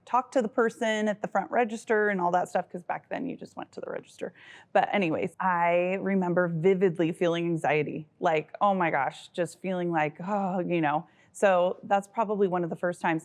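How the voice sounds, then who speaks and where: A middle-aged woman with a mid-range voice chatting on a podcast with her daughter. She tells family stories fondly and laughs easily. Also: medium pitch. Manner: warm, laughing, affectionate storyteller. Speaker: podcast co-host, mother. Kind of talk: casual chat.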